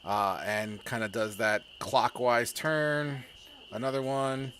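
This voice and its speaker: Man, game master, casual narration, mid-pitched voice, relaxed filler-heavy delivery. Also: slow, slight background noise. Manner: casual, chatty, laughs often, many fillers.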